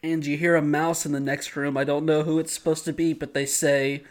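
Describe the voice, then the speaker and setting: A man's voice: fairly high pitch, flat delivery, fairly quick. A man co-hosting a podcast, chatting casually as he recaps an episode, joking, laughing often and poking fun at himself. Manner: jokey, laughs often, self-mocking. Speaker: podcast co-host.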